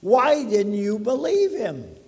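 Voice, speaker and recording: A man's voice: high-pitched, huge pitch swings, slow pace, in a large hall. A man pastor preaching a sermon to his congregation in a conversational way, putting questions to the listeners. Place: church sanctuary.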